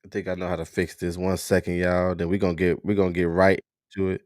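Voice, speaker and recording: A man's voice: low voice, monotone, fast, darkish tone, dry recording, studio quality. A man with a stuffy nose hosting a casual livestream, talking straight to his viewers. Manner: chatty, talks straight to viewers, restarts and fillers. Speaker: livestream host.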